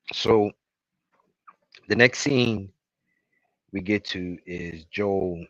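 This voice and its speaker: A man co-hosting a podcast, recapping a TV episode in casual chat and breaking into loud, exasperated outbursts. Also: deep voice, extremely slow, pauses often, dry recording, low-quality recording. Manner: animated, bursts into loud exasperated outcries. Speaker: podcast co-host.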